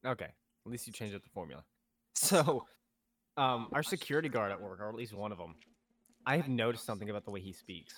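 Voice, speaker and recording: A young man co-hosting a podcast, telling stories in a casual, animated way, swearing often and acting out what people said. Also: lowish voice, quick pace. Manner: animated storyteller, swears a lot, acts out quotes. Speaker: podcast co-host. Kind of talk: casual chat.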